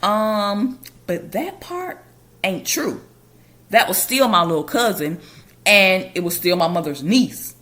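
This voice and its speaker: A woman's voice: mid-range voice, lively intonation, slow pace, a bit bright. A woman hosting a podcast, telling a personal story in a casual, conversational way. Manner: casual and conversational, with loose colloquial grammar.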